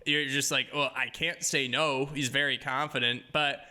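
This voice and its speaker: A man's voice: mid-range voice, flat delivery, moderate pace, bright, forceful tone, smooth. A man co-hosting a casual movie podcast, rambling through plot points with restarts. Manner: rambling, restarts phrases, laughs while telling. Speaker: podcast co-host.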